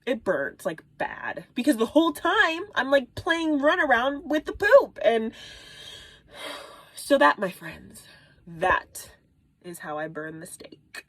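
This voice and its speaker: A woman in her thirties tells a story to camera, bright and high-pitched, with big swoops in her voice and sudden whispered asides. The sound is close and dry, with no room echo, as she hides in a small closet. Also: slow pace. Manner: animated, exaggerated retelling with whispered asides. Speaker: mom vlogger. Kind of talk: casual storytelling vlog.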